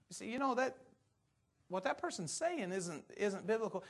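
High-voiced man preaching a folksy sermon. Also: sing-song, moderate pace. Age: adult parent. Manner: folksy and conversational, turning emphatic on doctrine. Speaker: pastor.

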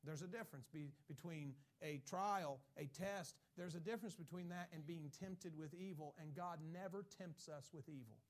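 Man, pastor, sermon, emphatic preaching, fairly high-pitched. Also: normal speed, few pauses. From has Irish ancestry. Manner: emphatic preaching, mimicking excuses in a higher voice.

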